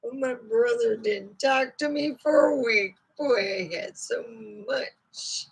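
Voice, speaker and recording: A woman's voice: fairly high pitch, takes it slowly, vocal fry, husky. A middle-aged woman vlogger in rambling, joking casual chat, laughing often.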